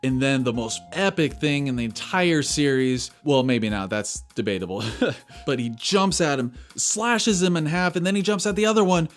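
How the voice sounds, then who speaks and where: Excited man recapping a cartoon episode. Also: on the high side, moderate pace, faint music behind. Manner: excited, chatty, loose filler words and mild swearing. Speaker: video reviewer. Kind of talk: casual episode recap and review.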